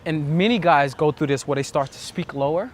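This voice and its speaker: A man with a somewhat high voice and fairly quick pace coaches on dating, a little hiss or hum in the background. It's an earnest, reflective instructional monologue in which he plays out the self-talk he describes.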